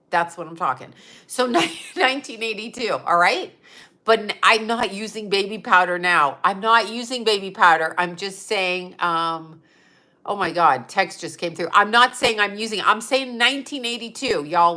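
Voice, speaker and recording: Bright-voiced woman in her fifties, stuffy-nosed. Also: medium pitch. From Utah. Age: 50s. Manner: chatty, profane, laughs often, answers viewer chat. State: stuffy nose. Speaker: psychic medium host. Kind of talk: casual livestream chat.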